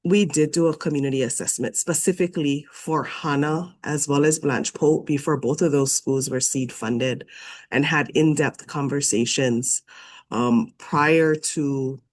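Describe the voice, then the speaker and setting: A man's voice: a little high, fairly even intonation, unhurried. A man with a slight cold, speaking as a program official at a public meeting, earnest and explanatory. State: slight cold, frog in throat.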